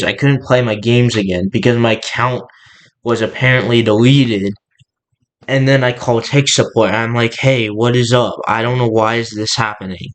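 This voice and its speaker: A man's voice: lowish voice, rough recording. A young man rambling casually in a gaming vlog, restarting his sentences often. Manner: rambling, many restarts and filler words. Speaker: gaming vlogger.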